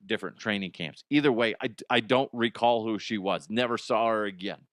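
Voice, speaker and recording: A middle-aged man hosting a comedic podcast monologue, telling stories animatedly and jumping into loud high exclamations. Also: clear, resonant tone, no echo, clean studio sound. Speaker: podcast host.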